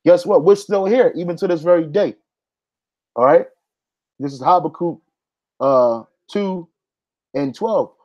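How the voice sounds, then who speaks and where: A man's voice: a little high, unhurried, pauses often, highs cut off. A man giving an emphatic religious teaching, reading verses and often ending lines with "man". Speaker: Bible teacher. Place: Hawaii.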